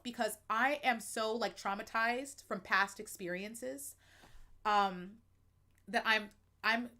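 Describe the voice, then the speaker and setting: American woman, stream host; frank, expressive, laughs a lot, easy chatty delivery. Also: fairly high pitch. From United States. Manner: frank, expressive, laughs often, uses fillers like um and like. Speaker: livestream host. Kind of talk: candid personal chat to viewers.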